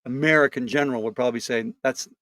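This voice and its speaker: A man's voice: mid-range voice, a little fast, no echo. A male comedian co-hosting a casual podcast, thinking aloud in a loose way with restarts. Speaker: comedian co-host.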